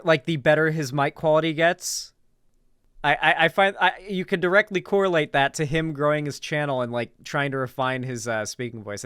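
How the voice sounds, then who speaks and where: A man's voice: fairly high pitch, fairly bright tone, smooth, dry recording, studio quality. A young man reacting live to a video, chatting casually with lots of fillers, restarts and trailing thoughts. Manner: rambling, many fillers and restarts.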